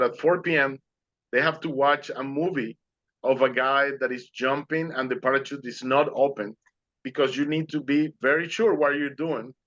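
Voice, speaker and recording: A man in an online interview, recounting a dramatic personal story with earnest animation and non-native English phrasing. His voice sits at an ordinary middle pitch. The sound is slightly muffled and lo-fi, as a video call tends to be. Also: fairly bright tone. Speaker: guest speaker.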